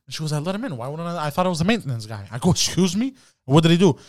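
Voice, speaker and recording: A young man from Canada chatting casually on a podcast, telling stories in an animated, crude, joking way. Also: on the high side, racing, dry recording, clean studio sound. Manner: animated storytelling with crude banter. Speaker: podcast host. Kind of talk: casual chat.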